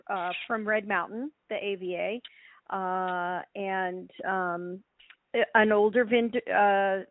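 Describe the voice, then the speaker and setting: A woman winemaker as an interview guest, talking in a relaxed, hesitant way with many pauses. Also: mid-range voice, a little hiss or hum. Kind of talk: casual interview. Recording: dry, phone-like call audio.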